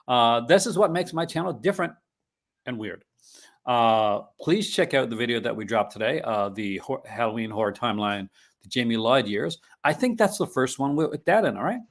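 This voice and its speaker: A man hosting a casual chat about film releases, laughing often and clearing his throat. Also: medium pitch, lively intonation, moderate pace. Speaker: channel host.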